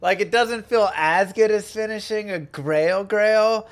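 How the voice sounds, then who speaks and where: A young man hosts a live game stream in an excitable, chatty way. His voice sits fairly high and comes across smooth and clear, and he takes his time with the words. Faint music plays underneath. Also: a little slow. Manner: excitable, chatty, thanks viewers. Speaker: streamer and host. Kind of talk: casual live gameplay commentary.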